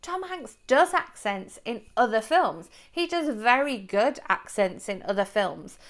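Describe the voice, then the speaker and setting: A woman's voice: fairly high pitch, animated, a little slow. A woman giving a casual spoken movie review to camera, chatty and rambling, with fillers and restarts. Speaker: book and film reviewer.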